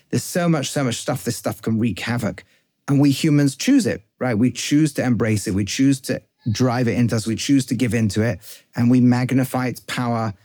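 Male rabbi-teacher, warm low-brightness tone, close dry sound, alternates Hebrew text and English explanation. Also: no room sound. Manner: reads Hebrew lines aloud, then translates and explains them; thinks aloud with frequent restarts and self-corrections. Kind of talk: text study lecture.

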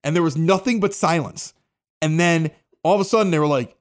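A man in his forties hosts a podcast, his fairly high voice going at a fairly quick clip. Between local announcements and casual chat, he wanders through stories and acts out the voices of people he quotes.

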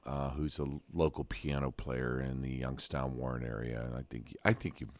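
A man's voice: rumbling low, level tone, moderate pace, no echo. A man co-hosting a casual podcast chat, easygoing, with short agreeing replies between his own stories.

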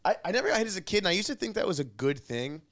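A man's voice: high-pitched, big pitch swings, very fast, fairly bright tone, dry recording, clean studio sound. A man co-hosting a casual podcast chat, talking loosely with plenty of swearing and laughter. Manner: loose and profane, laughs often. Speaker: podcast co-host. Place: house in Austin.

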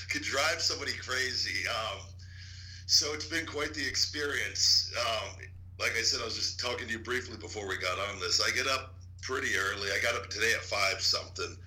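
Forceful-voiced male interview guest. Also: mid-range voice, measured pace, rough recording. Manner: relaxed, rambling with fillers. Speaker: podcast guest. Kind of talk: casual interview answers.

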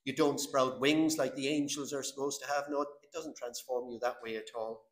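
A man's voice: mid-range voice, steady tone, normal speed. Earnest man preaching in an echoey room. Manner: earnest, emphatic, repeats words as he builds points. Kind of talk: sermon.

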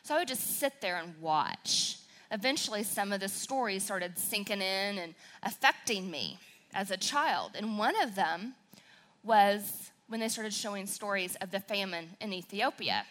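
A woman from southern Wisconsin, a pastor's wife, giving a sermon with a southern Wisconsin accent in a sassy, excitable, emotional way. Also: medium pitch, measured pace. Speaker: pastor's wife speaking at church.

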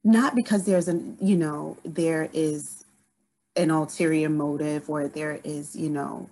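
A woman guest on a podcast telling a story in casual conversation, animated and full of restarts. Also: low-pitched, slow, rough recording.

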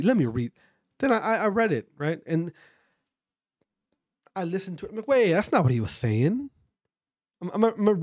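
A man's voice: a little high, dry recording, studio quality. A man hosting a podcast, ranting casually, swearing a lot and repeating himself. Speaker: podcast host. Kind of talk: casual profane podcast rant.

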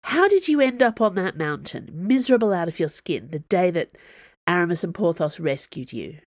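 A woman's voice: medium pitch, sing-song, moderate pace, a little mellow, dry recording, natural voice. A woman voicing a stubborn, prying young woman adventurer who asks pointed, challenging questions.

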